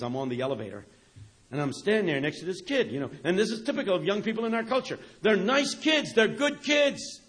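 A man preaching a sermon, animated, swinging from near-shouts down to hushed lines. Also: medium pitch.

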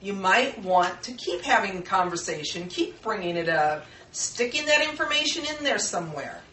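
An older woman leads an informal workshop, speaking earnestly and conversationally and acting out the voices of family members. Her mid-range voice is lively, a bit bright and moderately paced. The recording is echoey and distant, with a little hiss or hum.

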